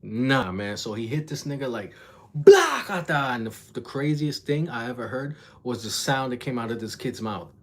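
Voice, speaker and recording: A man's voice: medium pitch, moderate pace, hardly any pauses. A young man telling a story on a livestream in casual, profane slang, acting out the voices of the people in it. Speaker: reaction vlogger.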